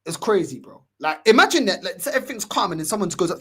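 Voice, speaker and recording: Animated young London man, husky voice. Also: sits high, racing. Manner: animated, acts out quotes in shifting voices, laughs often. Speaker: podcast host. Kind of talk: casual storytelling chat.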